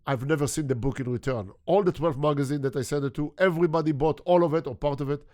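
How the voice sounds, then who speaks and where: A man's voice: fairly high pitch, quick pace, darkish tone. Earnest older man, English. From Israel. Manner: earnest, repeats words, non-native grammar. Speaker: guest photographer. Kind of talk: conversational interview storytelling.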